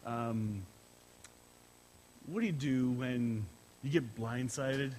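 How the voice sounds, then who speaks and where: A middle-aged man, a pastor, gives a conversational sermon after an opening prayer, sounding emotional and halting as he speaks personally. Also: medium pitch, darkish tone, a little hiss or hum, poor audio. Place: church service, streamed live.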